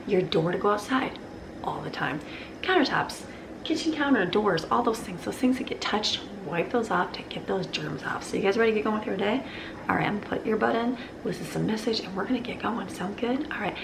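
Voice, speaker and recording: A woman's voice: mid-range voice, gravelly. A woman, a homeschooling mom, chatting casually and cheerfully in a vlog from her home kitchen. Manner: upbeat, chatty, gushing.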